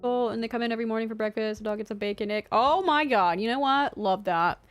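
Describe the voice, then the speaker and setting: A woman's voice: a little high, quick pace, faint music behind. A young woman vlogging from her desk at home, chatting casually and telling stories with lots of swearing. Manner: chatty, swears often, animated storytelling. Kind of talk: casual chat.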